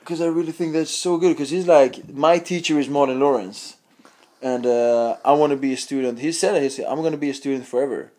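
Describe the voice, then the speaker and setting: A man's voice: medium pitch, brisk, darkish tone. A man from Sweden, a comedian guest, chatting casually and telling laughing anecdotes. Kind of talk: casual chat.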